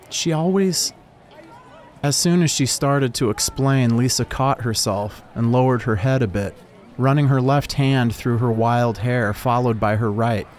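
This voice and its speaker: A man narrating a first-person story in a calm, reflective way. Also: mid-range voice, slight background noise.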